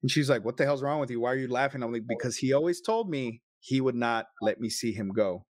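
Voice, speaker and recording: A man's voice: medium pitch, no echo, studio quality. A man telling a personal story in a casual, emotional and profane way, sometimes choked up. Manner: emotional, profane, quick bursts.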